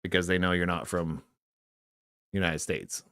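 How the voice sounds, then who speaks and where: Man from California, low voice, rambling podcast co-host, debating casually. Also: level tone, measured pace, fairly bright tone. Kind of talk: casual live podcast chat.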